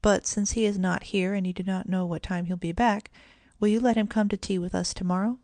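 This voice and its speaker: A woman voicing a sensible, kindly mother of two children, speaking gravely and gently. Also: mid-range voice, steady tone, a little fast, dry recording, close to an everyday voice. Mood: gentle.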